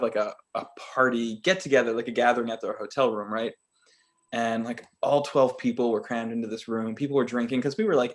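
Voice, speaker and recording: A male podcast co-host tells a story in a loose, chatty way, with an ordinary middle-pitched voice. He is animated and keeps breaking into laughter as the story goes on. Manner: animated, laughs often while telling a story. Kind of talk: casual chat storytelling.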